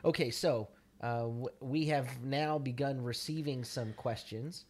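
A man co-hosting a casual podcast chat, easygoing and halting with fillers, his throat a little rough from allergies. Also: mid-range voice, a little hiss or hum. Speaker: podcast co-host.

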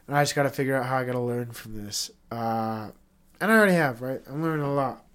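A man's voice: mid-range voice, quick pace, a bit bright, smooth. A congested man hosting his own podcast, rambling in a casual solo monologue, self-critical and swearing often. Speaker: podcast host.

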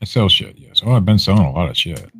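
Husky, lively low-voiced podcast co-host man. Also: quick pace. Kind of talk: casual chat.

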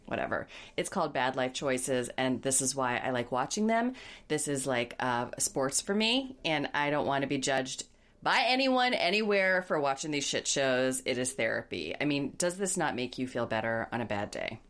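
A low-voiced woman chats on a casual podcast. She is blunt and wry, and she slips into mocking impressions of the people she talks about. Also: big pitch swings, moderate pace, fairly bright tone. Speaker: podcast co-host. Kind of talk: casual recap chat.

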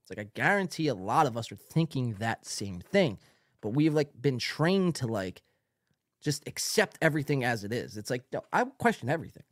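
A man's voice: medium pitch, sing-song, normal speed, no echo, studio quality. A man hosting a live podcast, talking casually and profanely as he rambles and reads chat comments aloud. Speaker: podcast host.

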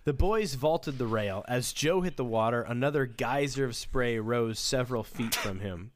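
A man's voice: medium pitch, moderate pace, noisy background. A man co-hosting a casual podcast, reading a book aloud and joking in a dry, easygoing way. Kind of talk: casual chat and read-aloud.

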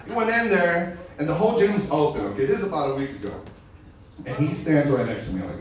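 A man's voice: a little high, very animated, fast, dull audio. A man doing a crude, rambling stand-up set, swearing a lot, laughing at his own jokes and a bit out of breath. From Mexican heritage. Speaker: stand-up comedian. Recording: echoey room, mic far off, loud noise.

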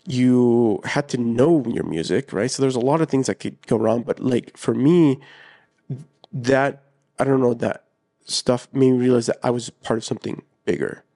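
A man co-hosting a casual podcast, speaking in an easygoing, halting way. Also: medium pitch, dark tone, dry recording, studio quality. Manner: easygoing, halting, lots of fillers. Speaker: podcast co-host.

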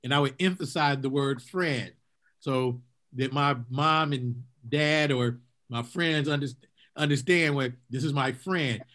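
A middle-aged man co-hosting a casual chat, animated and laughing often as he tells stories. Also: mid-range voice, a little slow. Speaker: podcast co-host.

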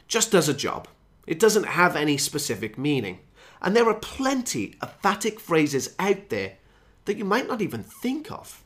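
A man hosting a podcast lesson for English learners, explaining phrases and slowing down to stress key ones. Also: high-pitched, big pitch swings. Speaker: English teacher and podcast host.

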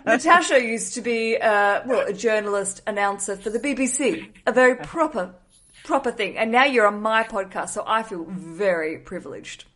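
A woman's voice: medium pitch, normal speed, fairly bright tone. A woman hosting a podcast, bubbly, playful and theatrical in casual chat. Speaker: podcast host.

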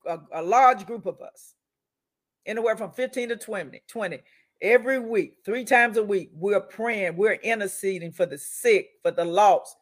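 A woman's voice: mid-range voice, a bit bright. Emphatic woman preaching. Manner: emphatic, repetitive, calls out to listeners. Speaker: host and prayer leader. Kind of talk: preaching-style inspirational broadcast talk.

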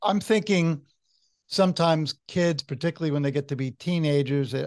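A man's voice: fairly high pitch, expressive, a little fast, a little mellow, no room sound. Man asking questions in a dry room. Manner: conversational, leading questions. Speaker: interviewer. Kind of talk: interview questions.

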